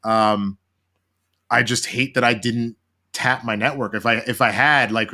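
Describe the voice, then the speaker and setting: A man from Texas, a guest actor, chatting casually on a video call and telling animated, profane stories. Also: mid-range voice, a little fast.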